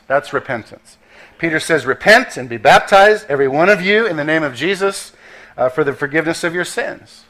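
A man delivers a sermon with an easy, conversational touch, dropping into quick acted asides. His voice sits a little higher than most men's. He slows right down to land his key points. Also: expressive, fairly bright tone. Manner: conversational preaching with acted asides and slowed emphasis. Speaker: pastor.

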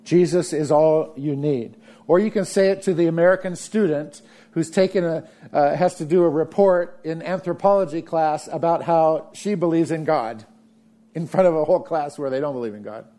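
A man preaching a sermon, earnest, often dropping to a soft murmur for emphasis. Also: a little high, normal speed. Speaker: pastor.

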